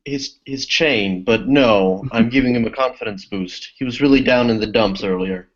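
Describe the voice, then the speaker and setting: Matter-of-fact male player, lo-fi call. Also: medium pitch. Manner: matter-of-fact, quick to correct others. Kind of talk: casual in-character banter.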